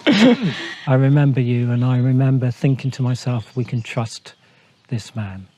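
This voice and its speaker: A man from the United Kingdom tells his part of a missionary story, calm and measured, with small hesitations. His voice is mellow and dark, at a middling pitch. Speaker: missionary guest. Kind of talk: storytelling in a faith talk show.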